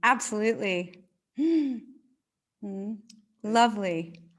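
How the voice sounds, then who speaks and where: A woman's voice: medium pitch, lively intonation, takes it slowly. A woman hosting an online event on a video call, affirming speakers with short praise words. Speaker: event host.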